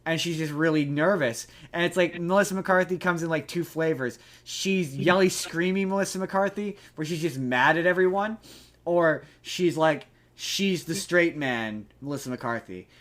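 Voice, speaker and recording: A man hosting a podcast, chatting casually about a movie in a rambling, animated way with lots of restarts and swearing. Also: fairly high pitch, moderate pace. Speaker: podcast host. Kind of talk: casual movie review chat.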